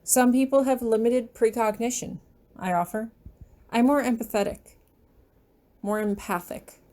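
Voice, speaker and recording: A woman reading her fan fiction aloud in a gentle, unhurried storytelling manner. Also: a little high, fairly even intonation.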